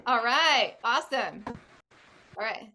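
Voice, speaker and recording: A woman's voice: on the high side, expressive, takes it slowly, sharp tone, slight background noise. A woman hosting a live talk show, chatty and casual, often laughing and reacting to viewer comments. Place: Oregon.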